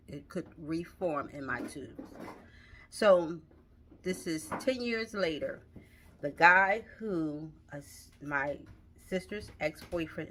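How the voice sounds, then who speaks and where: A middle-aged woman recounts a hard personal memory, pausing and restarting as she searches for words. She talks slowly, and her voice has a bright, forward edge. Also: deep voice, a little hiss or hum. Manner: halting, emotional, many restarts. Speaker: storyteller. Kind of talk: personal storytelling.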